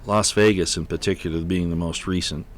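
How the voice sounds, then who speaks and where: A man hosting a livestream, talking off the cuff with many halting restarts and repeated words, sounding exasperated. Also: sits low, fairly even intonation. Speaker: livestream host. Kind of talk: rambling livestream commentary. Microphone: computer mic on an unsteady connection.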